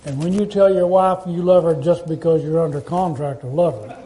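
High-voiced preacher asking rhetorical questions. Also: male voice, fairly quick, crowd noise. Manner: conversational, asks the congregation rhetorical questions. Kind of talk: sermon.

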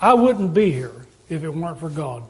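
A man's voice: a little high, sing-song, moderate pace. A man preaching a sermon in a conversational way, putting rhetorical questions to his congregation.

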